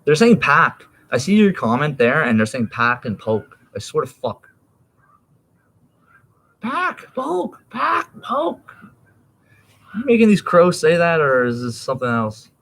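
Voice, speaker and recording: A man's voice: medium pitch, big pitch swings, normal speed, few pauses, fairly bright tone. A man in his thirties rambling in a casual, profane monologue, laughing and jumping between topics.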